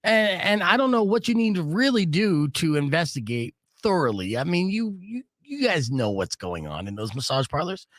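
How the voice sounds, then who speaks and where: A man's voice: on the high side, sing-song, moderate pace, hardly any pauses, a bit bright, no room sound. A man hosting a live radio show, telling stories in a brash, casual way and swearing freely from a studio mic. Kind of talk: casual on-air storytelling.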